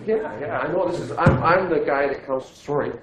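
A male physics teacher lecturing in a classroom, animated and playful, quizzing his students with quick jokes. His voice sits a little high and rings through an echoey room. A faint hiss runs under the recording. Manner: lively, joking, quizzes students.

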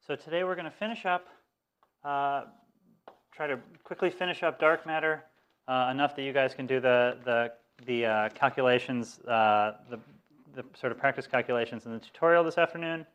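A man lecturing on physics in a smooth, resonant voice at a middle pitch. He talks conversationally, restarting sentences and correcting himself as he goes, with a dry, self-deprecating humor. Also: fairly even intonation, normal speed, fairly bright tone, muffled recording. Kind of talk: live lecture.

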